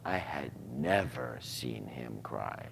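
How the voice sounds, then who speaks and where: A man in his forties telling an emotional personal story, acting out the dialogue and dropping into hushed asides. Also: a bass voice, lively intonation, slow pace, gravelly, slight background noise. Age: 40s.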